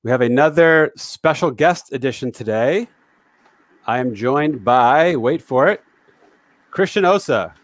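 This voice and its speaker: A man's voice: mid-range voice, expressive, measured pace, dry recording. A man hosting a casual live-streamed chat over a video call, friendly and jokey, fond of dad jokes. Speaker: host.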